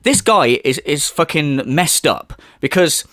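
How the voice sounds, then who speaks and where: A man's voice: fairly high pitch, animated, unhurried, fairly bright tone, dry recording, studio quality. A man co-hosting a stream, mocking a clip with profane, sneering commentary. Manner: sneering, profane, mocks with exaggerated impressions. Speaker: stream co-host.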